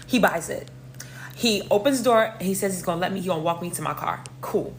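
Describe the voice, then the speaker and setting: Animated young New woman telling a story. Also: fairly low pitch, fast, a little hiss or hum. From New York. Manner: animated, slangy and profane, addressing listeners as y'all. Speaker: storyteller host. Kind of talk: casual storytime vlog.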